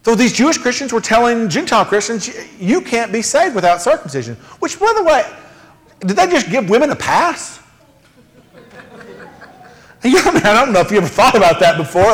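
A man's voice: high voice, big pitch swings, moderate pace. A male pastor preaching a sermon in a conversational, emphatic way, with casual asides. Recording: long hall reverb.

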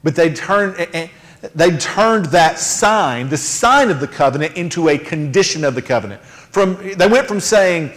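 High-voiced male pastor, echoing hall. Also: lively intonation, a little slow, a bit bright. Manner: conversational, emphatic preaching with asides. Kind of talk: sermon. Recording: long hall reverb.

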